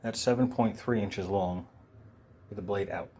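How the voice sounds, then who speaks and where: A man casually reviewing a multitool on camera, talking in a relaxed, meandering way with frequent ums and uhs while he handles it. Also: on the low side, moderate pace, breathy edge. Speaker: gear reviewer. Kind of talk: unscripted product review. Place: filming himself while handling the tool.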